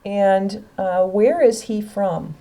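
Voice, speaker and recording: A woman's voice: mid-range voice, slow pace, warm tone. A woman from Illinois tutoring an adult one-on-one in English, patient and encouraging, explaining each step. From Illinois, USA.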